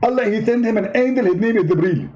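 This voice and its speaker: A man's voice: high voice, mellow, pitched above the performer's own voice, close to an everyday voice, rough recording. A man putting on the voice of a pompous male preacher who scolds and insults his debate opponent in a parody skit. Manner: haughty, scolding, quick to insult.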